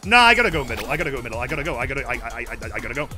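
A young man streaming a game, chatting in a rambling, excitable way with sudden shouts and swearing. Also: medium pitch, rapid-fire, few pauses, soft background music. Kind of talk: casual chat while gaming.

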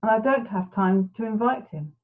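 A woman's voice: medium pitch, expressive, moderate pace, lightly acted. A woman voicing an eager, self-important young male monkey in a bedtime storybook. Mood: fretful. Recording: tinny phone-like sound.

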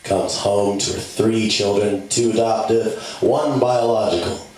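A man telling a comic story in a casual, deadpan way. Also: fairly low pitch, a little slow, distant mic. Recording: very echoey room.

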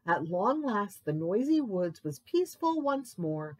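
A woman librarian reading picture books aloud in an animated, expressive way for children's story time. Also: mid-range voice, unhurried, hardly any pauses.

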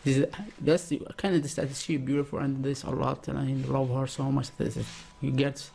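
A man from Algeria with an Algerian accent, a native Arabic speaker, giving excitable reaction commentary in broken English full of "like". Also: mid-range voice, brisk, vocal fry. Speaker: reaction video host. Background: song playing.

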